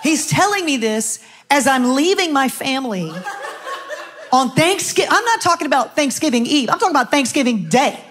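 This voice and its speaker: A woman pastor, middle-aged, tells her testimony to her church in an animated, storytelling way. Her voice sits a little high, and she slips in and out of the voices of the people she quotes. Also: normal speed, a little hiss or hum. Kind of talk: sermon testimony. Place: church stage.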